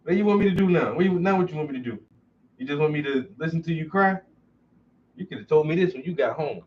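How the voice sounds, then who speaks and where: A man's voice: fairly high pitch, fast. A man telling profane, joking stories casually while he paints. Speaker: painter streaming while working. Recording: distant, dull lo-fi with faint noise.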